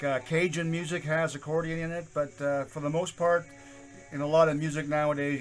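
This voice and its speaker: A middle-aged man hosting his own video channel, talking in a casual, rambling way with plenty of "uh" fillers and a loud, projecting voice. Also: fairly high pitch. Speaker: YouTube channel host. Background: accordion folk music playing faintly.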